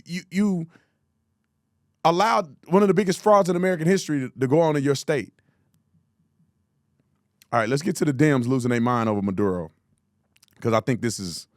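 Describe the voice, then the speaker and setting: A man's voice: a little high, no room sound, clean studio sound. A man hosting a political commentary show, mocking and exasperated, repeating words for emphasis.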